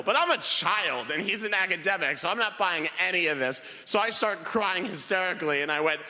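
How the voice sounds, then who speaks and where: A young male stand-up comic with a bright, lively voice that jumps around in pitch as he tells stories and acts out people. He plays to a live crowd on a handheld mic, and a long hall reverb trails each line over faint room noise. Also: a little fast, few pauses. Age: young adult. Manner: animated storytelling, acting out characters in bursts. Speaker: stand-up comedian. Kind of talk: stand-up comedy set. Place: comedy club stage before a live audience.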